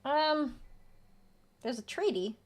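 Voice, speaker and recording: A woman streamer with a high voice that swings widely in pitch. She talks playfully through a video game as she plays, reading the game's text aloud and reacting to what she sees. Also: animated, takes it slowly. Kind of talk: casual gameplay commentary.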